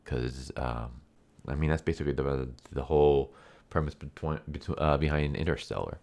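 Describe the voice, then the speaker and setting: A man's voice: a bass voice, normal speed, gravelly, darkish tone. A man casually recapping a movie plot in a rambling way, full of 'like' and 'um'. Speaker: anime movie reviewer.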